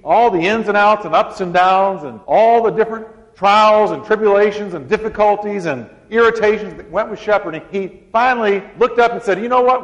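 A man preaching an emphatic sermon to his congregation, leading them in call-and-response. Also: high voice. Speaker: pastor. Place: church sanctuary. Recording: dull sound with long church reverb.

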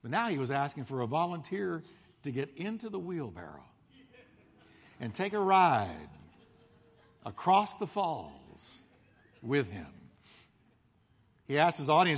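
A male pastor preaching a sermon, telling the story with animated delivery and acting out the voices of the crowd. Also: on the high side, a little slow, pauses often, slightly rough, in a large hall.

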